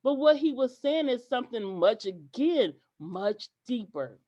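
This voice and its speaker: A woman guest on a podcast, telling stories in an animated way and acting out what people said, with some hesitant restarts. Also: a little high, unhurried, muffled recording. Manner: animated, acts out quoted dialogue. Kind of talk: podcast interview storytelling.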